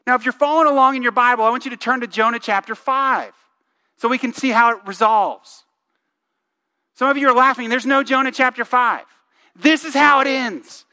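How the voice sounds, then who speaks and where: A man's voice: very high-pitched, fairly quick, bright, forceful tone, clean tone. A male pastor giving a conversational sermon, reading scripture aloud and asking the congregation questions. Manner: reads scripture aloud with emphasis.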